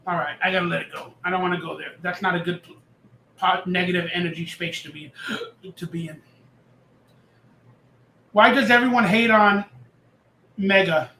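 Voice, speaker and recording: A man's voice: high voice, normal speed, pauses often, sharp tone, echoey room, recorded from a distance, a little hiss or hum. A man hosting a casual live stream, ranting sarcastically and reading out viewer comments. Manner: ranting, sarcastic, reads chat aloud.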